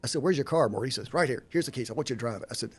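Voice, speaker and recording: A man's voice: mid-range voice, animated, very fast, husky. A male guest in casual conversation, telling rambling anecdotes. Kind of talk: casual chat.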